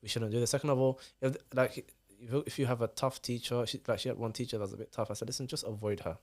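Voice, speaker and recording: A man, a father chatting as a podcast guest and telling parenting stories in an animated way. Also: mid-range voice. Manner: fast, animated storytelling. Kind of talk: casual podcast chat.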